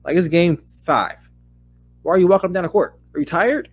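A man co-hosting a casual sports podcast, heated and profane, his voice climbing into loud rants. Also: high-pitched, quick pace, husky. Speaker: podcast co-host.

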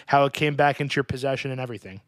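A man's voice: medium pitch, very fast, no room sound. A man hosting a casual podcast, rambling and joking with his guests. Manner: goofy, rambling jokester. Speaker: podcast host.

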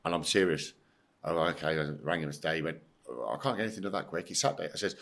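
A middle-aged man with an English accent and a very low, deep voice. He speaks bluntly and emphatically, swears freely, and acts out the voices of the people in his story. The tone is casual, like a guest talking on a chat show. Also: fast, creaky, a bit bright. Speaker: podcast guest, former footballer.

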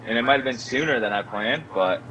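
A young man with a middling pitch tells a story in relaxed, conversational fashion. He scatters "like" through every sentence and lifts his voice when he acts out quotes. A faint noise sits under the recording. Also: a little fast, lo-fi sound. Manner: animated storyteller, many filler "like"s, acts out quotes in a higher voice. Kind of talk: casual storytelling chat.

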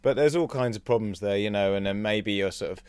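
A man's voice: on the low side, a little fast, darkish tone, clean tone, dry recording, clean studio sound. A man hosting a podcast, teasing his guest playfully and laughing along. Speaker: podcast host. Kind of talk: casual chat.

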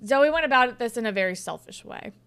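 A woman's voice: on the high side, animated, fairly quick, fairly bright tone, clear, resonant tone, dry recording. A young woman co-hosting a casual podcast, recapping a TV episode in a candid, chatty way and swearing freely. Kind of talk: casual chat.

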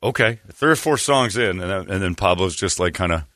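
A man's voice: sits low, a little fast, no room sound, clean studio sound. A man hosting a radio show, telling a story in casual chat and acting out the people he quotes. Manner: animated storyteller, acts out quoted voices.

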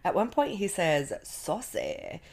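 A woman's voice: mid-range voice, animated, takes it slowly. A woman co-hosting a podcast, recapping an episode in casual chat, full of fillers and acted-out quotes. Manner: chatty, many fillers, acts out quotes. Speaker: podcast co-host.

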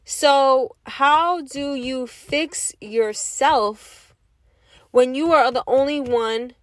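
High-voiced woman, slow and emphatic. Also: dry recording. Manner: emphatic, repeats rhetorical questions, curses. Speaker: vlogger giving opinions. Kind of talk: casual monologue.

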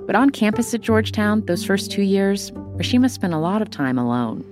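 A woman hosting a podcast, narrating between clips and asking measured, curious questions. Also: medium pitch, sing-song, music in the background. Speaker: podcast host, interviewer. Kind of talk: interview and scripted narration.

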